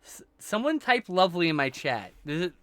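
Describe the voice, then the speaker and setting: A man's voice: on the high side, wildly swooping pitch, moderate pace, bright, forceful tone, slight background noise. A man streaming live, talking to his chat in a rambling, scattered way with a lot of swearing, and he is stoned. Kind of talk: casual chat with chat.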